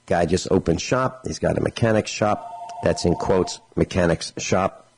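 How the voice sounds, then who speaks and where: A man's voice: low-pitched, a little slow, background noise. A man hosting a radio talk show in a chatty, rambling way, piling up lists of words and acting out the people in his stories. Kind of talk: casual radio monologue.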